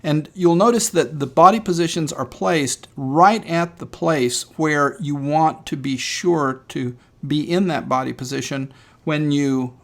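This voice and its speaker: A man teaching a screen-recorded lesson, explaining step by step in a measured way with frequent ums and uhs. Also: medium pitch, vocal fry. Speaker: instructor.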